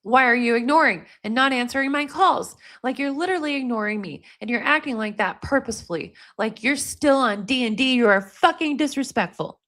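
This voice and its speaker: A woman reading aloud the angry texts of an upset young woman to her boyfriend, in a rapid, exasperated way. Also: a little high, lively intonation, a bit bright.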